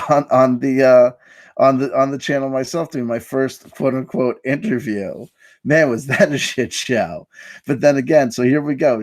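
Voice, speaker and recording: A man's voice: mid-range voice, darkish tone, no echo. Dry-voiced man hosting a live stream. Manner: mock-grandiose storytelling, self-mocking. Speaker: host. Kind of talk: casual live-stream chat.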